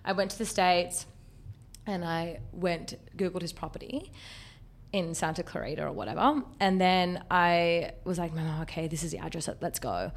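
Animated Australian young woman telling a story. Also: normal speed. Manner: animated storyteller, acts out quotes with high squeals. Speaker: guest. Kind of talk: casual chat.

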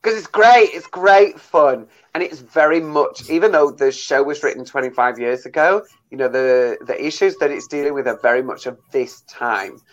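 Enthusiastic actor guest, chatty with fillers, lo-fi sound. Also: male voice, on the high side, moderate pace, few pauses. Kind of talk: casual radio interview chat.

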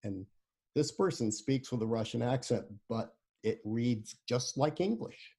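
Mellow husky man, halting speech. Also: mid-range voice, lively intonation. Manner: halting, many restarts and fillers. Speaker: author, podcast co-host. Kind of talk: casual chat about writing.

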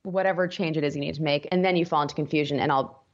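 A woman career coach who is a guest on a podcast, talking in an animated way, laughing often and acting out what people say. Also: deep voice, very fast, muffled recording. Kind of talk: casual podcast interview.

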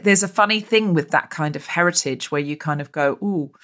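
A woman's voice: low-pitched, brisk, a bit bright. A woman in her forties with a mild Australian accent, hosting a comedy podcast over a video call in a chatty, earnest way. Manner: chatty, earnest, self-deprecating. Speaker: podcast host. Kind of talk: casual comedy chat.

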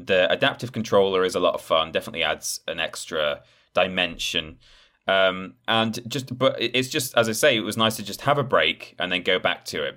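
A man's voice: sits low, pushed and bright. A man co-hosting a gaming podcast in casual chat, talking in a chatty, meandering way and correcting himself as he goes. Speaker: podcast co-host.

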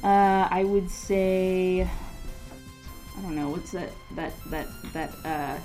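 A woman's voice: on the low side, slow, over music, poor audio. Giggly, hesitant woman podcast guest. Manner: giggly and hesitant, many ums. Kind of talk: casual chat.

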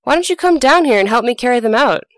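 A woman doing Brer Rabbit, a sly high-voiced trickster. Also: animated, quick pace, no echo, close to an everyday voice. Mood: coaxing.

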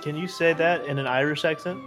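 Podcast co-host, middle pitch, wry quick reactions over faint music. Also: fairly bright tone. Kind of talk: casual comedic chat.

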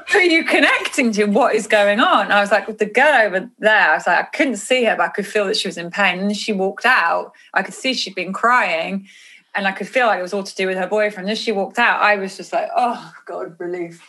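A woman author talking casually about intuition and energy in an earnest, animated way on a podcast. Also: mid-range voice, fast talker. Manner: earnest, animated, drifts into quoted inner voices.

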